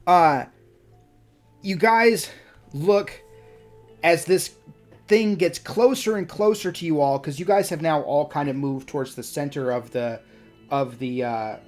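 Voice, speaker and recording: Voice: mid-range voice, measured pace, faint music behind. A game master narrating a tabletop game in a casual way, with many fillers and restarts.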